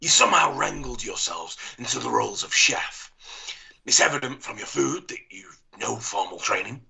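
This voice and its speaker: A man's voice: mid-range voice, lively intonation, moderate pace, creaky, pushed and bright, husky. A man narrating stage directions in a live script read, wryly addressing the players.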